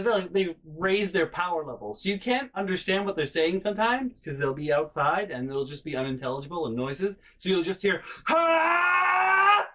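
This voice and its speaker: A young man telling family stories in a casual vlog, animated and profane, with frequent exasperation. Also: fairly high pitch, low-quality recording. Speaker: vlogger.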